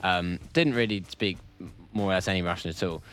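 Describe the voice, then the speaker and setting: A man hosting a radio show, telling a long anecdote with dry, quick wit. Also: deep voice, fairly bright tone, faint music behind. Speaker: radio host. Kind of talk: casual studio banter. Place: radio studio.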